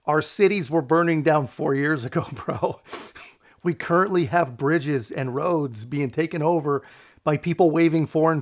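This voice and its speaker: A male host giving casual, sarcastic political commentary, laughing often and tagging lines with "man" and "right". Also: on the high side.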